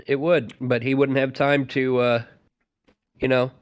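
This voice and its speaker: A man's voice: medium pitch, flat delivery, a little slow. A man hosting a podcast, chatting casually and riffing sarcastically. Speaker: podcast host. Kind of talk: casual chat.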